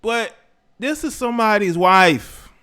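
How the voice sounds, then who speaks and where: A man hosting a livestream, reacting to clips, shouting out viewers and arguing his points. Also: sits high, animated, takes it slowly, smooth. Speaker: livestream host. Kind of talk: reaction commentary.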